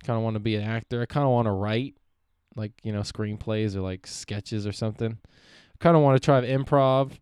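Profane rambling young man, smooth dry voice. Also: fairly low pitch, moderate pace, a little mellow, no room sound. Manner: profane, meandering, self-interrupting. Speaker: podcast host. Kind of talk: rambling solo podcast monologue.

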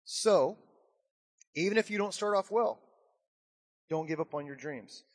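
Man, pastor, animated sermon; high-pitched voice with long reverb from the hall. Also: a little slow. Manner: animated storytelling with acted-out quotes.

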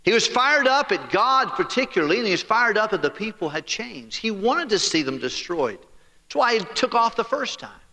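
In a large hall, a man with a high-pitched voice preaches at normal speed, telling a story as his sermon. He's folksy and full of jokes, animatedly acting out the dialogue of the characters.

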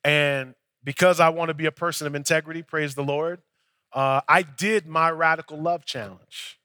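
A young male pastor tells a story from the pulpit in a loose, chatty preaching style, playing out both voices of each exchange. His voice sits high and sounds bright and forceful. The sound is close and dry, with no room echo. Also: steady tone, normal speed. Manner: conversational storytelling preacher, acts out dialogue. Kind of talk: sermon.

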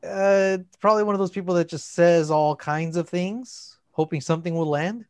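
A man in relaxed podcast chat, reacting with short comments and laughs. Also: high-pitched, moderate pace, clean tone, no echo, clean studio sound. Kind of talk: casual chat.

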